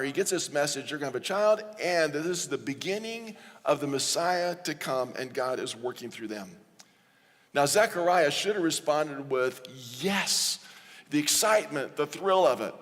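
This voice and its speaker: Preaching man with a high voice. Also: big-room sound. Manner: conversational preaching, acts out quotes. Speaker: pastor. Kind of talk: sermon. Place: church sanctuary.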